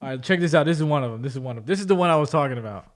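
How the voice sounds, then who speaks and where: A man with a slightly high voice tells stories in an animated, casual way. He is a podcast host chatting with friends, often tossing in bro and dude. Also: racing, a crowd in the background. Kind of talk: casual chat.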